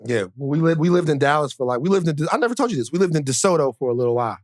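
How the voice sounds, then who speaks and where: A man's voice: fairly high pitch, animated, racing, darkish tone, no echo, clean studio sound. A man co-hosting a podcast, telling stories in loose, rambling casual chat, laughing and swearing freely. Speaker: podcast co-host. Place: studio.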